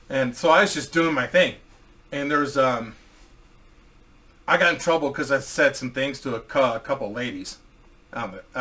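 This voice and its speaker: A man's voice: medium pitch, bright, forceful tone, far from the mic. A man telling crude, boisterous stories in a casual way and laughing at his own jokes. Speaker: host. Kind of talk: casual storytelling.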